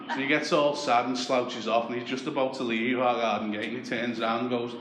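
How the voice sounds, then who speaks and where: A young man from Liverpool with a Liverpool accent, doing a deadpan, sweary stand-up comedy set. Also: medium pitch, a little fast, hardly any pauses. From Liverpool, England. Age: young adult. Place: comedy club stage. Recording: echoey club with crowd noise. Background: audience laughter.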